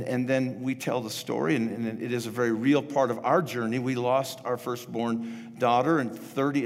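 Middle-aged pastor, easygoing sermon delivery with restarts, mid-range voice in a reverberant sanctuary. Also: male voice, mid-range voice. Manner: casual, rambling, with frequent restarts. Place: church sanctuary. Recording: echoey church hall.

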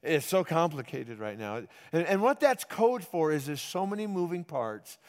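High-voiced pastor preaching in a hall. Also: male voice, big pitch swings, moderate pace. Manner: conversational, repeats and restarts, calls for congregation response. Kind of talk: sermon. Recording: reverberant hall.

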